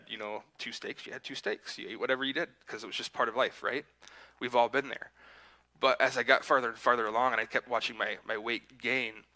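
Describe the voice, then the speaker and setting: A man's voice: fairly low pitch, pushed and bright, low-quality recording. A man preaching a sermon in a church, telling a personal story in a conversational, self-deprecating way and acting out his own inner voice. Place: church sanctuary.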